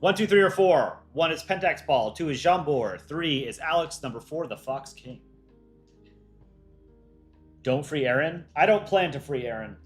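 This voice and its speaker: A man's voice: on the high side, animated, moderate pace, faint music behind. Chatty man hosting a livestream. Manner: chatty, reads out entries and reacts with light jokes. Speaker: livestream host judging fan art. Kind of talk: casual livestream commentary.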